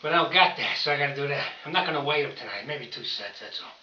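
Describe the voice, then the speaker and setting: An older man talks loosely and folksily to his viewers about training and eating right, voice bright and a bit sharp. He sits back from the camera in an echoey room, and the sound comes through dull and lo-fi. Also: mid-range voice, lively intonation, fast talker. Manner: rambling, folksy, talks straight to viewers as fellas. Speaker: home powerlifting vlogger. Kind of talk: casual talk to camera while training. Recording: roomy, distant, dull camera audio.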